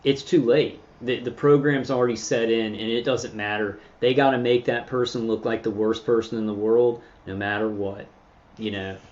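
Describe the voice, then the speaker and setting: A man hosting his own channel, talking in a meandering, halting way with many fillers and restarts while answering live chat. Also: medium pitch, steady tone, darkish tone, lo-fi sound. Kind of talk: rambling casual livestream talk.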